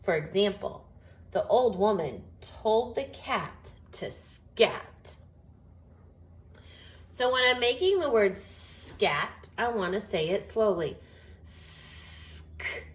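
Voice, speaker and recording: A woman teaching a phonics lesson, speaking slowly and carefully and sounding out each word. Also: mid-range voice, big pitch swings. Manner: slow, deliberate, sounds out words.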